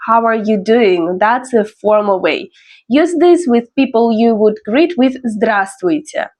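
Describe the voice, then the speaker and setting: Woman teaching, slow and careful. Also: fairly high pitch, darkish tone. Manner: slow, careful pronunciation drills; explains in English, models phrases slowly for repetition. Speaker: language teacher. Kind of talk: beginner language lesson.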